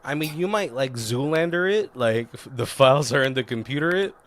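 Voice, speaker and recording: A man's voice: mid-range voice, animated, brisk. Laid-back man recapping a movie. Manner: loose retelling full of fillers, laughs often. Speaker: podcast co-host. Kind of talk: casual movie commentary chat.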